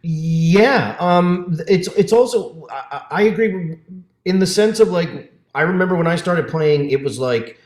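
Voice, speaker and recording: A man guesting on a virtual panel, enthusiastic and halting with many fillers, heard over a video call. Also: sits high, lively intonation, a little mellow, roomy sound. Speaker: actor guest. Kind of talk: casual panel chat.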